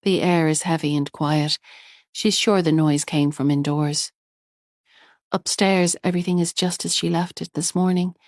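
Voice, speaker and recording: Woman reading an audiobook, lowish voice, calm and measured, dry close mic. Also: no room sound. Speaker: audiobook narrator. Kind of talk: scripted audiobook narration.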